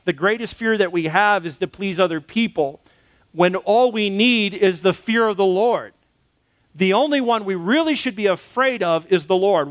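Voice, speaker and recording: A male pastor delivers a casual, animated sermon, slipping into acted-out quotes along the way. His voice sits high for a man. The sound is dry and close, with no room echo.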